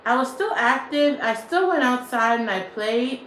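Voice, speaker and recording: A woman's voice: a little high, animated, moderate pace, a bit bright, echoey room, a little hiss or hum, poor audio. A woman vlogger chatting casually to her stream, rambling and repeating herself, laughing often. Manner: rambling and repetitive, often restating phrases; laughs often while talking. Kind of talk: casual livestream chat.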